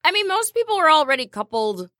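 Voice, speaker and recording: A woman's voice: sits high, fast talker, no echo, clean studio sound. A woman from the United States co-hosting a show, telling travel stories in casual chat, acting out quotes and laughing often. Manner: animated storyteller, acts out quotes, laughs often. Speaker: radio show co-host.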